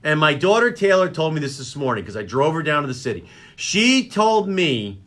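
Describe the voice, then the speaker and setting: A middle-aged man hosting a talk radio show, ranting through comic stories about his family in an excitable, exaggerated way. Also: a little high, a little fast. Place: radio studio.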